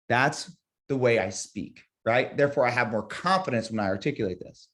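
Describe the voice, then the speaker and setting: A man teaching real estate agents in a live webinar, energetic, repeating key phrases and acting out sample sales calls. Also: mid-range voice, a little fast.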